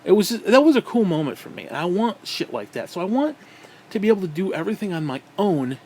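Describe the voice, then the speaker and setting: A man's voice: high voice, big pitch swings, quick pace, breathy edge. Profane ranting man, raised voice. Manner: profane and aggressive; loud, frequent outbursts. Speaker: gaming vlogger. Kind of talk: angry rant.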